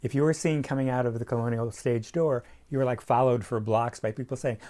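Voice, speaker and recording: A man's voice: medium pitch, steady tone, a little fast, hardly any pauses, warm tone. A man who is a guest in a casual conversation, recounting vivid theatre memories with emphasis. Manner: vivid storytelling, emphatic recollection. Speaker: guest recalling theatre production.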